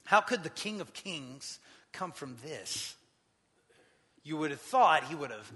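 A man preaching a sermon, retelling scripture with lively acted-out quotes. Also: fairly high pitch, takes it slowly, long pauses, breathy edge, long reverb tail. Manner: animated storytelling, acting out quotes. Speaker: pastor.

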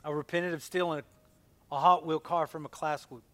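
A man in his forties preaches with a somewhat high voice. He drives lines hard, then drops to a hushed near-whisper for tender moments. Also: fairly even intonation, fairly quick. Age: 40s. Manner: impassioned, swinging from loud emphasis to a hushed near-whisper. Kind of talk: sermon.

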